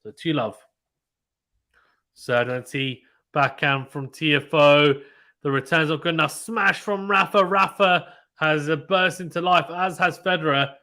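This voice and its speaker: A man calling a match live on a stream in casual play-by-play, getting excited and reading out viewer chat. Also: on the high side, unhurried.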